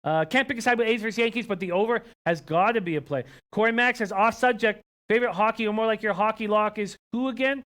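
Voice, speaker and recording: A man's voice: high-pitched, fast, hardly any pauses. A young man from Canada hosting a sports betting live stream, chatting casually, reading viewer comments and odds aloud with plenty of ums and uhs. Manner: relaxed, filler-heavy, reads betting lines aloud. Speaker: sports betting show host.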